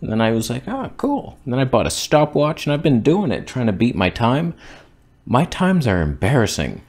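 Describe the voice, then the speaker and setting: A man's voice: medium pitch, very animated, fairly quick, a little mellow. A man vlogging in a casual, rambling, self-mocking way while in back pain. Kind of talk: casual vlog monologue.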